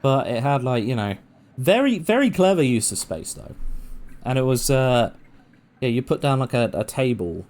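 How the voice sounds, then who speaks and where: A man's voice: medium pitch, big pitch swings, normal speed, darkish tone. A man casually commenting and joking while playing a game. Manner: rambling, joking, swears casually. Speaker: game streamer. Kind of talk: casual let's-play commentary.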